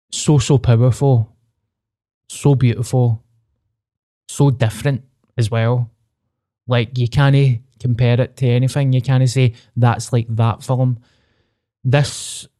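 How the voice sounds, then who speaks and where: A man's voice: medium pitch, dark tone, dry recording, studio quality. A young Scottish man co-hosting a podcast, talking candidly and animatedly with plenty of swearing. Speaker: podcast co-host. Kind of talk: casual chat.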